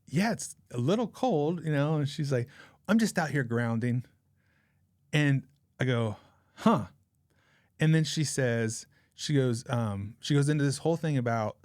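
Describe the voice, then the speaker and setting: Male guest, forties, average pitch, loose chatty anecdote delivery, dry recording. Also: darkish tone, smooth, no echo. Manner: rambling, chatty anecdote-telling with frequent laughs. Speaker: podcast guest. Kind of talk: casual storytelling.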